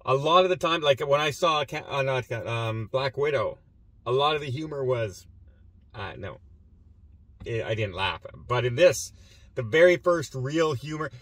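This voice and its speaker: A man's voice: mid-range voice, expressive, normal speed, fairly bright tone, dry recording. A man hosting a movie review show, chatting casually and with animation about a film he just saw.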